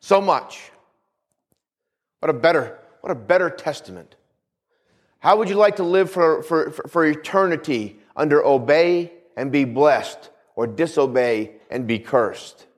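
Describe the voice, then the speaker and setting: Lively-pitched preaching man. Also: measured pace. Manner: preaching with rising and falling emphasis, repeats phrases, calls for amens. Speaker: pastor. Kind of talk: sermon.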